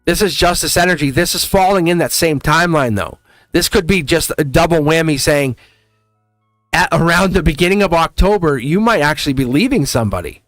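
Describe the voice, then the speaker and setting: A man hosting a live tarot reading, talking in a chatty, excited way, laughing often and acting out voices as he reads the cards. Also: fairly high pitch, brisk, no echo, faint music behind.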